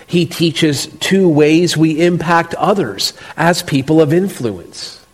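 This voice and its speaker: A man preaching an expository sermon, measured and emphatic, with slow deliberate stresses. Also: on the high side, slightly rough. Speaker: pastor. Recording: long reverb of a large hall.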